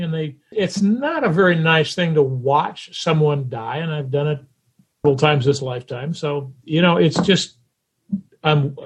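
A man's voice: on the high side, slightly rough. A man as a guest on an interview podcast, talking reflectively about his past. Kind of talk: conversational interview.

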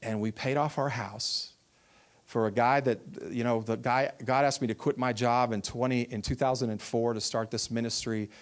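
A man's voice: medium pitch, moderate pace. A man who runs a ministry, telling a personal testimony in a sermon and acting out the voices of the people he quotes. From Texas. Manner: storytelling, animated, acts out quoted voices.

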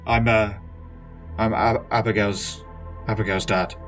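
A man doing a halting, grieving father. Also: on the low side, flat delivery, a bit bright, faint music behind. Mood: hesitant. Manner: halting, stammering, subdued. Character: hesitant grieving father, middle-aged man.

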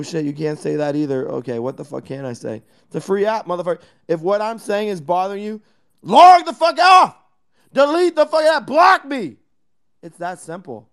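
A man on a casual voice chat, ranting with heavy swearing and sudden shouted bursts. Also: fairly high pitch. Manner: profane, ranting, swings to shouting.

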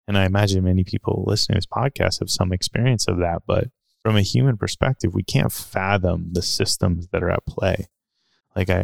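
A man's voice: deep voice, vocal fry, no echo. A man on a podcast telling a reflective personal story in a casual, musing way, with lots of fillers. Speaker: podcast speaker.

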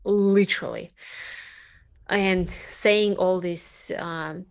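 Russian-accented woman hosting a podcast, talks real slow, lots of uhs and ums. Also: lowish voice, fairly even intonation. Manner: slow, halting, many fillers. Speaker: podcast host. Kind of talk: casual interview chat.

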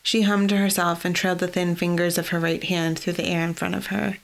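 A woman reading fantasy fiction aloud in an even, measured storytelling voice. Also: lowish voice, vocal fry. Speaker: audiobook narrator. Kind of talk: scripted fantasy narration.

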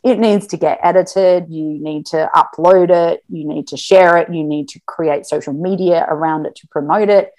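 A woman's voice: on the low side, moderate pace, few pauses. Chatty woman, lots of fillers. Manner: chatty and animated, many fillers. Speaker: podcast guest, marketing business owner. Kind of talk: casual interview chat.

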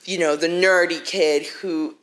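A young woman co-hosting a podcast, making thoughtful, measured points in casual conversation. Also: fairly low pitch, steady tone, fairly bright tone. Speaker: podcast co-host. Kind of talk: casual chat.

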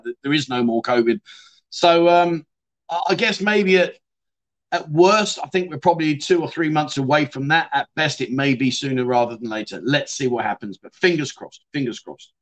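A middle-aged man with a Yorkshire accent, casually chatting on his livestream and reading out viewer comments, calling people mate and my friend, often trailing off softly. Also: medium pitch. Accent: Yorkshire English. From England. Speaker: livestream host.

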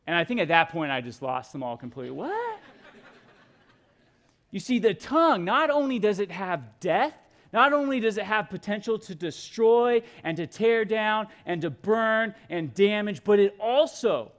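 A man's voice: high-pitched, fairly bright tone. A pastor preaching a sermon, reading scripture aloud and pressing his points with emphatic repeated exhortations.

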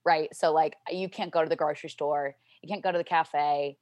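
A woman's voice: a little fast, no room sound. Chatty young woman from Louisiana. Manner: chatty storyteller, acts out her family's lines in high excited voices. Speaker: guest. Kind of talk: casual interview chat.

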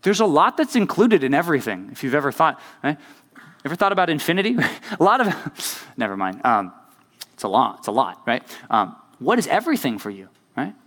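A youth pastor with a slightly high, a bit bright voice talks briskly, his pitch swinging widely. This young man preaches to a youth group in a chatty, conversational style. He keeps checking in with his listeners by asking "right?" again and again during the sermon.

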